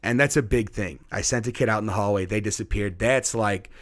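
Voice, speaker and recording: A male middle school teacher with a fairly low voice, chatting casually as he tells a story. He is animated and slips into the voices of the people he quotes. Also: a little fast.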